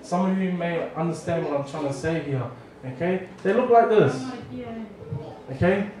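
A man's voice: a little high, normal speed, darkish tone, slight background noise. A man preaching a humorous, audience-engaging story sermon in a church hall. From New Zealand. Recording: echoey hall from far off.

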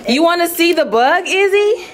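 A woman vlogger talking casually to her viewers. She is chatty and expressive and breaks into loud, alarmed exclamations. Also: very high-pitched, normal speed, crowd noise. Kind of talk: casual vlog chat.

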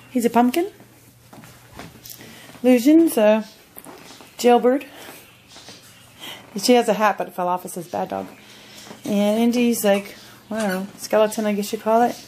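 A woman's voice: mid-range voice, dark tone, a little hiss or hum, low-quality recording. A woman chatting casually as she films a pet vlog outdoors in a front yard, in an easygoing, talkative way. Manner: chatty, easygoing, laughs often. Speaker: pet owner vlogger.

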